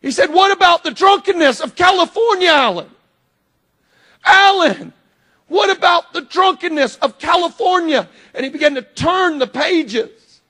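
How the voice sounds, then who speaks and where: A middle-aged male preacher whose voice sits very high for a man. He preaches with fervor, breaking into shouts and then dropping low and quiet. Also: expressive, unhurried. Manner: impassioned, often shouting, dramatic swings in volume. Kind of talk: sermon.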